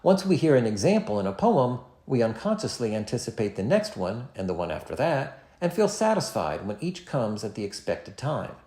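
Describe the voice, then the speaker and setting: Male lecturer, measured scripted delivery with animated pitch, recorded in an echoey room. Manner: measured, expressive reading with dramatic poetry recitals. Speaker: literature lecturer.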